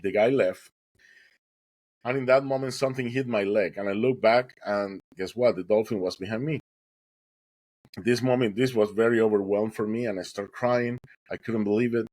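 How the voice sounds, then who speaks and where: A man's voice: on the low side, fairly even intonation, moderate pace, a little mellow, no room sound, low-quality recording. Earnest man recounting his rescue. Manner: earnest, dramatic retelling with acted quotes. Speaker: podcast guest. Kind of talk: personal storytelling.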